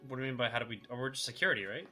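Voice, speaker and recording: Male player, quick and jokey, strikingly bright voice. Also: medium pitch, expressive, soft background music. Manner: quick, joking, lots of "like". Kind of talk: casual tabletop play.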